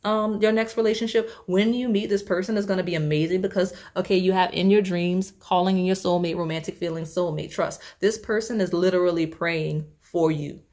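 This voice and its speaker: A woman's voice: on the low side, steady tone, brisk, few pauses, darkish tone. Chatty young woman reading tarot. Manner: chatty, rambling, many fillers and restarts; laughs often. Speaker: tarot reader. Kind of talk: casual spoken tarot reading.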